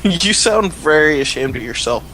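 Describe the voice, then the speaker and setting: A man's voice: a little high, lively intonation, normal speed, background noise. A man co-hosting a casual podcast, drawling as he reads things aloud. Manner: drawling, reads things out while looking them up. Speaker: podcast co-host. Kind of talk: casual chat.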